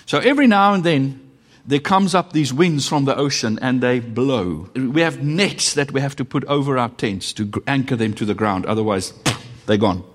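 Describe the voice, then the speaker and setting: A middle-aged man with a South African accent preaching a sermon as pastor, with dramatic pauses and sudden shifts between loud and hushed delivery. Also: mid-range voice, lively intonation. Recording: long reverb of a hall.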